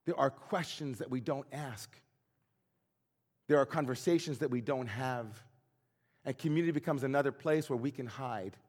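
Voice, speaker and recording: A man's voice: medium pitch, normal speed, darkish tone, in a large hall. A man who is a rabbi, delivering an earnest, reflective sermon full of searching questions.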